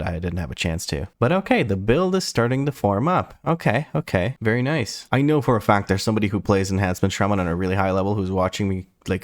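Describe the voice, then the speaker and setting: A man's voice: low voice, no echo, studio quality. A man giving casual, rambling gameplay commentary, swearing often and poking fun at himself. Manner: rambling, frequently swearing, self-mocking. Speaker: gaming streamer.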